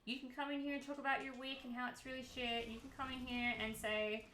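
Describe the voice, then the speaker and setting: A woman's voice: high voice, little pitch movement, fast talker, pushed and bright, a little hiss or hum. A woman streamer chatting casually and candidly to her viewers, heated at times and swearing freely. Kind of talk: casual livestream chat. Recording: roomy echo.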